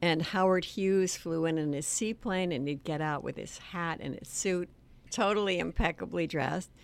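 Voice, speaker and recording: An older woman telling family stories in an interview, hesitant and soft-spoken. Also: fairly low pitch, moderate pace, vocal fry. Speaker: author and guest. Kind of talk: storytelling interview.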